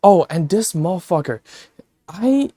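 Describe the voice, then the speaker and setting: A man's voice: high voice, expressive, unhurried, mellow, no echo, studio quality. A man chatting casually on a stream, telling stories with a lot of swearing and laughter. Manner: profane, laughing storyteller; talks to chat viewers.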